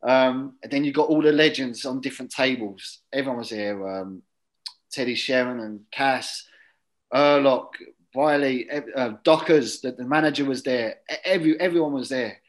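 A man telling a long casual anecdote as an interview guest, chatty and drifting into quiet muttered asides. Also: mid-range voice, moderate pace, poor audio. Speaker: guest, former footballer.

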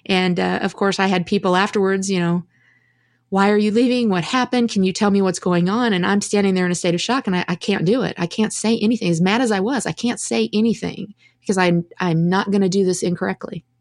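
A woman's voice: mid-range voice, no room sound, studio quality. A middle-aged woman, a podcast guest telling her story in a candid, reflective way with restarts. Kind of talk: conversational storytelling.

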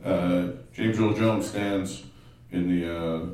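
A man's voice: low voice, steady tone, slow, a little mellow, slight background noise. A man, a comedian, bantering and teasing on a live podcast with loads of swearing and mock drama. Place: live venue with audience. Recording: echoey room, distant mic, crowd.

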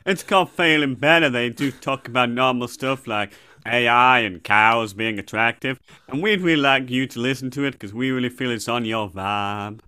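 A man voicing a goofy Canadian man who pitches a podcast haltingly, in a put-on North American accent. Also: pushed and bright, clean tone, no room sound, natural voice. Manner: halting, slow, rambling sales pitch.

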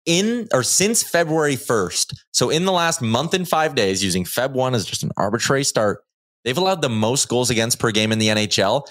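A man co-hosting a live sports show, firing off figures and quick jokes in a fast, chatty stream. His voice sits at a mid pitch. The studio sound is close and dry, with no room echo. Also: lively intonation, a bit bright. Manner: rapid-fire, rattling off stats. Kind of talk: casual live-stream chat.

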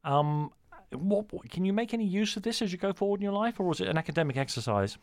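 A man's voice: high-pitched, lively intonation, fast. A man hosting an interview, asking questions with many hesitations and restarts. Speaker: interviewer, radio host. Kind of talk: conversational interview.

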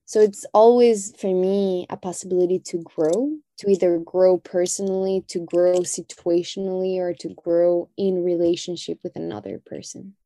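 A woman's voice: fairly low pitch, level tone, moderate pace, few pauses, warm tone, no echo. A woman talking as a podcast guest, reflective and heartfelt, often adding "you know". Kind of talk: reflective conversation.

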